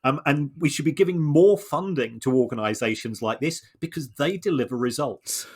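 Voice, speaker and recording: A man co-hosting a podcast, explaining points in a measured way with frequent restarts and repeated words. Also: on the high side, slightly rough. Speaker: podcast co-host. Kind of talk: conversational analysis.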